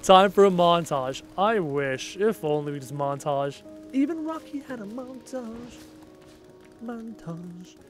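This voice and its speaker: A man's voice: high-pitched, expressive, takes it slowly, faint music behind. A young Canadian man with a Canadian accent, chatting casually on a gaming livestream, thinking aloud and answering viewer comments. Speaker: livestream gamer.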